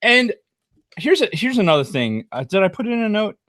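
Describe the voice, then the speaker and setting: A man's voice: high-pitched, sing-song, fairly quick, a bit bright. A man co-hosting a podcast, ranting about a movie with heavy swearing. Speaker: podcast co-host. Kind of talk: casual profane movie chat.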